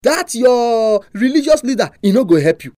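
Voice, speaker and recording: Animated preacher with a Nigerian accent. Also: medium pitch, normal speed, no echo, studio quality. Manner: animated, emphatic rhetorical questions. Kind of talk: sermon.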